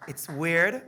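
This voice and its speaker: A man's voice: fairly high pitch, heavy background noise. A middle-aged man with a Jamaican accent, a university lecturer speaking emphatically and animatedly as he shares a personal story on a panel. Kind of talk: personal testimony at a panel discussion.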